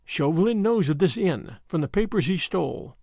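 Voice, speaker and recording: Brief: loyal young English gentleman in an audiobook, read by a male narrator, low, measured, earnest and quiet. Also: lively intonation, gravelly, no echo, clean studio sound, heavily acted. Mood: grave.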